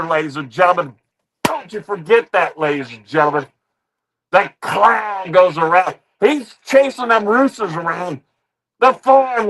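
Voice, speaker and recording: This reaction-stream host, a man whose voice sits high, rants mockingly about people and repeatedly falls back on his catchphrase, "ladies and gentlemen." The audio is poor.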